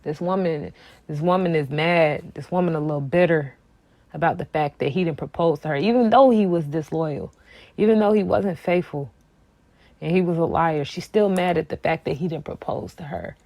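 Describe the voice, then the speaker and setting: A woman's voice: low voice, moderate pace, creaky, darkish tone, no room sound. A woman giving casual commentary on a song, sassy and emphatic, hammering her points by repeating them. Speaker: music commentary vlogger.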